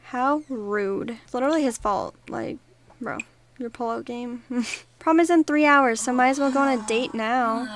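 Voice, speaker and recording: Playing a life-simulation game, a young female YouTuber keeps up a playful, casual commentary, chatting along and speaking her characters' lines. She talks at normal speed in a higher register, with a little hiss or hum in the audio.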